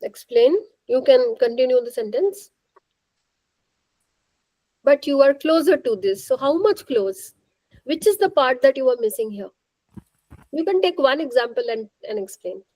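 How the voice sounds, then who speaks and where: High-pitched, mellow-toned woman, leading workshop, questioning manner. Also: expressive, normal speed, no room sound, rough recording. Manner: questioning, coaching the audience. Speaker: workshop trainer. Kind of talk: interactive faculty workshop talk.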